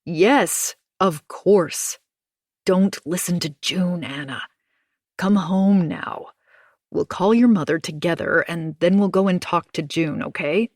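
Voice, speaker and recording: A woman reader voicing a steady husband who speaks in a firm, soothing way. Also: on the low side, slow pace, no room sound, studio quality. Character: steady reassuring husband, adult man.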